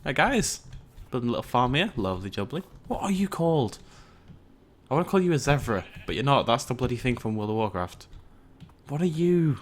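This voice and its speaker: A man, hosting a let's play and giving casual, rambling gameplay commentary while chatting to his viewers. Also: mid-range voice. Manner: chatty, rambling, self-mocking, talks to viewers.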